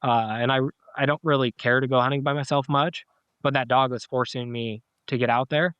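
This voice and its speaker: Smooth-voiced man telling a dog story. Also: medium pitch, steady tone, fairly quick, fairly bright tone, dry recording, dull audio. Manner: rambling, with many fillers and restarts. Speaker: podcast guest, dog owner. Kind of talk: casual storytelling interview.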